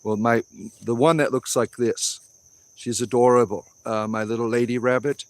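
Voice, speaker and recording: A man in a casual livestream chat, speaking at an ordinary middle pitch. He answers viewers bluntly and offhandedly, slipping into preachy little sermons. He is recorded outdoors in a wooded grove. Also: fairly even intonation, normal speed. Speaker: livestream host reading chat.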